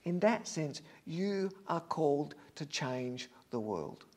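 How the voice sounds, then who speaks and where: This sermon comes from a man whose voice is high and light. He takes it slowly, very animated and a little mellow, preaching with earnest emphasis and hammering points home through repeated phrases.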